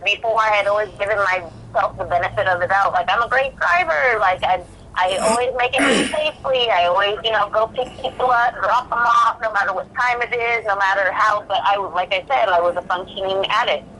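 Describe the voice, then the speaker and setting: Brisk and sharp-toned in a mid-range voice, this woman is a podcast guest speaking from prison, recounting her story frankly with many fillers and false starts and quoting her own past thoughts. The low-quality audio carries a little hiss or hum.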